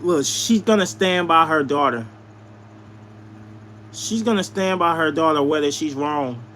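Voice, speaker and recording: High-voiced man venting emphatically. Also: measured pace, fairly bright tone, slight background noise. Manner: emphatic, repeats lines for emphasis. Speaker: live streamer. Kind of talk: venting storytelling to viewers.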